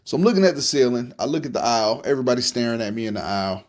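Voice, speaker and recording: A young man from Florida telling a story in a relaxed, casual monologue, cursing freely and often repeating his words. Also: medium pitch, racing. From Tampa, Florida. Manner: laid-back, profane, repeats himself. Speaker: podcast host telling stories.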